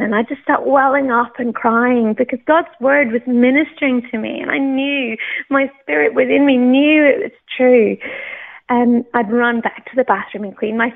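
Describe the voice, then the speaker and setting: A young woman from the UK tells her faith story, animated and quick to laugh, often restarting her sentences. Her voice sits a little high. The sound is thin and narrow, like a phone line on the radio. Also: vocal fry. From United Kingdom. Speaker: guest sharing testimony. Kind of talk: personal faith testimony, casual storytelling.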